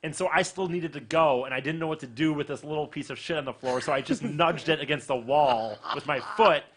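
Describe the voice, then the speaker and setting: A man guesting on a podcast, explaining himself in halting, sheepish casual talk. His voice sits a touch higher than most men's. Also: fairly bright tone. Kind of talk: casual chat.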